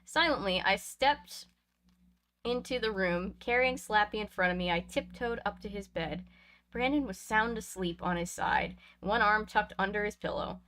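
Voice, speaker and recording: A woman's voice: mid-range voice, moderate pace, fairly bright tone. A woman reading a book aloud, breaking off for chatty, laughing asides between passages. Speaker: reader of a book.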